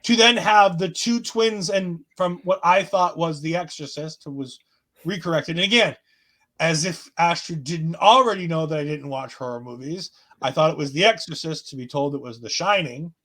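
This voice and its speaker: A man's voice: a little high, normal speed, sharp tone. A man co-hosting a casual wrestling chat show, joking with sarcastic mock outrage. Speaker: wrestling podcast co-host.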